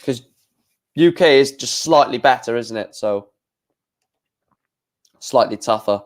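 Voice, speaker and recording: A man's voice: mid-range voice, slow pace. A man hosting a casual live stream, reading out darts results and answering chat while thinking aloud with plenty of fillers.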